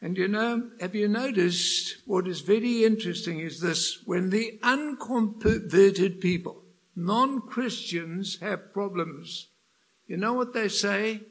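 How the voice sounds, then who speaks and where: An older man preaches a sermon with a gravelly, fairly high voice. He takes his time, dropping to a hush and then rising to loud, passionate emphasis. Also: lively intonation, a little slow. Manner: swings between hushed and loud passionate emphasis.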